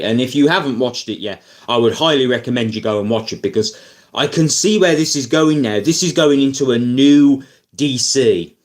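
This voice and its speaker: A man ranting casually about films as a YouTuber, rambling and animated, full of fillers and asides. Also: medium pitch. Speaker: YouTuber film reviewer. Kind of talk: casual opinion rant.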